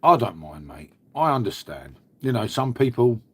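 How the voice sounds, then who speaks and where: A man's voice: mid-range voice, big pitch swings, normal speed, a bit bright, husky, no echo. An English man hosting a casual live stream from home, rambling chattily, swearing now and then and answering his chat. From England.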